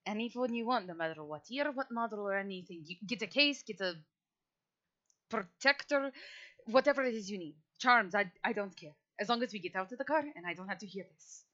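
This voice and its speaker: A centuries-old male vampire, voiced by a woman, talks in a clipped, formal, deadpan way. He sounds weary and patient. The recording is a little dull and lo-fi. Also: mid-range voice, unhurried, pauses often, close to an everyday voice. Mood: annoyed.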